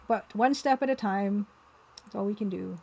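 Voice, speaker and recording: A woman's voice: medium pitch, normal speed, gravelly, a little mellow, lo-fi sound, slight background noise. A woman livestreaming as an artist, chatting casually and playfully, with easy laughter. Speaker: livestreaming artist and game developer.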